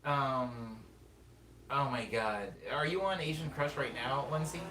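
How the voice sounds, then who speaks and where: A man's voice: mid-range voice, noisy background. Guy rambling on his music stream, kinda far from the mic, roomy echo. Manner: rambling, chatty, quick asides. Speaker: musician livestream host. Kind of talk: casual chat reading viewer comments.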